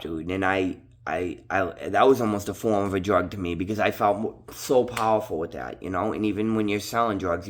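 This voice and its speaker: A man's voice: on the low side, fairly bright tone. A man with a strong Boston accent, talking straight to camera in a rambling, casual monologue full of "bro" and "dude". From Massachusetts. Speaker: vlogger.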